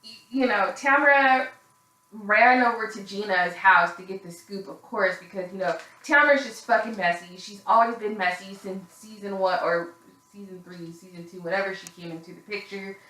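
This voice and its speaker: A woman delivers a casual, opinionated recap, candid and gossipy, cursing without hesitation and leaning on fillers. Her voice is bright and forward, and it rings off the hard walls of an echoey room. She sounds a little worn out. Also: medium pitch, moderate pace. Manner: candid and gossipy, swears freely, frequent fillers. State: tired. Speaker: reality TV recap reviewer.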